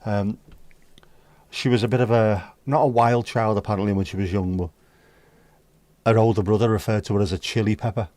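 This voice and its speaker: A man's voice: on the low side, fairly even intonation, a little fast, long pauses, a little mellow, no room sound. A man hosting a livestream, chatting casually and jokily with his viewers. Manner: chatty, jokey banter. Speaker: livestream host.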